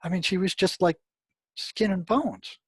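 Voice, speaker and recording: An older man speaks as an interview guest, his voice pitched a little high and recorded dry and close. He tells his story with animation, stumbling through restarts and breaking into exclamations at dramatic moments. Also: measured pace, husky, no room sound. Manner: animated, many restarts, exclaims when recounting. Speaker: guest, retired mental health practitioner.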